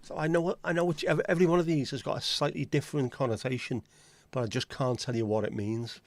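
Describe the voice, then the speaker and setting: A man's voice: mid-range voice, steady tone, quick pace, dry recording. Chatty Liverpool-accented man on a dry mic. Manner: chatty, jokey, greets viewers by name, swears casually. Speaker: livestream host. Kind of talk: casual livestream chat.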